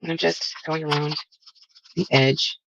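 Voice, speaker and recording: A woman's voice: low voice, little pitch movement, measured pace, gravelly, highs cut off, heavy background noise. A woman vlogger chatting casually as she walks through a crafting project step by step, with frequent fillers.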